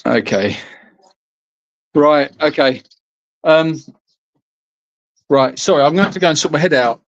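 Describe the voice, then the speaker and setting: A man's voice: a little high, animated, a little slow, dry recording, muffled recording. A man with a Glasgow accent co-hosting a casual livestream, flustered, swearing mildly and laughing through it. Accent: Glaswegian. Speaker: sanctuary co-host.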